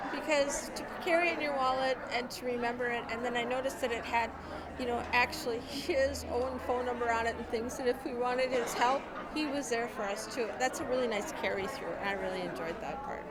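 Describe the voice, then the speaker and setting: A woman's voice: on the high side, brisk, over a noisy crowd, very noisy. A woman attendee giving a casual, appreciative testimonial after a conference talk.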